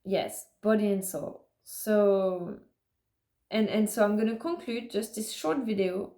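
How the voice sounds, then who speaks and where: A woman's voice: medium pitch, measured pace, mellow, echoey room. A woman talking casually in a vlog, musing and rambling with many fillers and restarts. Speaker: vlogger. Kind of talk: casual self-recorded vlog talk.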